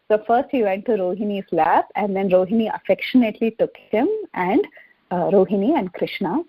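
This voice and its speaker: A woman telling a devotional story in a gentle, unhurried way, with frequent fillers. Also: mid-range voice, husky, dry recording. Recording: dull dry recording.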